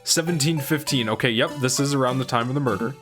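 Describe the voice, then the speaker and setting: A man giving casual, excitable commentary while playing a game. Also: medium pitch, fast. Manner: excitable, laughing reactions. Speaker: game streamer. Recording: game music playing behind.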